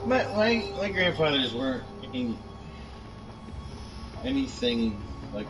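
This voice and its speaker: A man's voice: mid-range voice, very animated, slow, recorded from a distance, poor audio. A man hosting a podcast in casual chat, rambling with many restarts and fillers. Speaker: podcast host. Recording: loud music playing over the talk.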